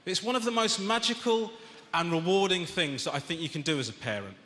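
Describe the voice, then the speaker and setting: A man doing a stand-up comedy routine, ranting in exasperation and rising to shouts. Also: sits high, animated, a little fast. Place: large theatre stage. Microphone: stage microphone. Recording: echoey theatre, long reverb, audience noise.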